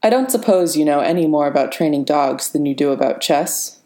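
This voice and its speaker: A woman's voice: sits low, animated, dark tone. A woman voicing a smug gloating villain. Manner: smug, unhurried.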